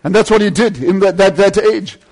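A man preaching a sermon with fervent delivery, swinging between loud climbs and quieter asides. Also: high voice, fairly quick.

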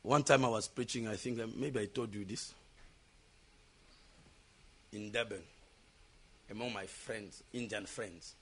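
A man from South Africa preaching a sermon, asking the congregation questions and building up to shouts. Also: lowish voice, fairly even intonation, unhurried, pauses often, husky.

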